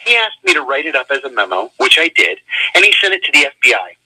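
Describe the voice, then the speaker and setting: Husky, animated man telling a story. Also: fast talker, rough recording. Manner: animated storyteller with vivid pitch swings. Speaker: interview guest. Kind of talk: telling a personal story on a radio interview.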